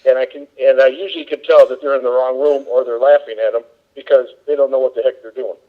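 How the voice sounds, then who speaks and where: A man's voice: medium pitch, fairly even intonation, fast talker. Exasperated man on a dull lo-fi line. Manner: exasperated, emphatic ranting. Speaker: psychic medium guest. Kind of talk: casual podcast chat.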